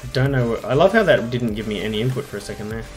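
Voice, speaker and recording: A man's voice: medium pitch, fast, soft background music. A man with an Australian accent chatting and swearing casually while streaming a tank game. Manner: swearing, animated banter. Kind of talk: casual live-stream chat.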